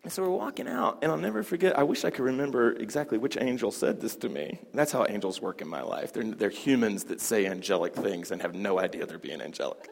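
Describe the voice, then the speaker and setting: A man's voice: on the low side, fast, vocal fry, hardly any pauses. Chatty man teaching class. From Southern United States. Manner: chatty, animated, laughs a lot. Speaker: hoop dance instructor. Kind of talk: class talk with storytelling. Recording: long hall reverb.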